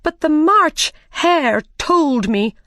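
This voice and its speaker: A frightened hatter begs and protests in a raised, anxious voice, as a woman reader puts him on. The delivery is slow and dry, like a careful storybook reading. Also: high-pitched, lively intonation, a bit bright, no room sound, voice pushed up, heavily acted. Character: nervous, frightened adult male hatter.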